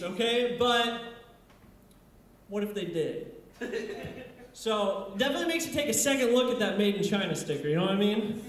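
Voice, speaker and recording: A man doing a crude, rambling stand-up set at an open mic night, talking into a handheld stage mic on a bar stage. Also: extremely high pitch. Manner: crude, rambling, deadpan delivery. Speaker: stand-up comedian. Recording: very echoey bar room.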